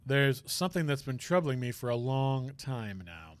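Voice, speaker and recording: A man's voice: medium pitch, very animated, normal speed, clean tone, no echo, voice pushed down, lightly acted. A man voicing a stiff, gloomy male prosecutor in a visual novel read-aloud, speaking in a hesitant, half-whispered way. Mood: brooding.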